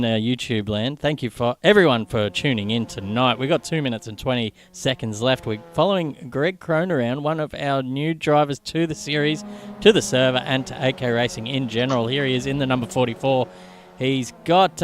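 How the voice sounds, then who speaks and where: A man's voice: medium pitch, fairly bright tone. Chatty race commentator man. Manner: chatty, quick, laughs along. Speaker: sim racing commentator.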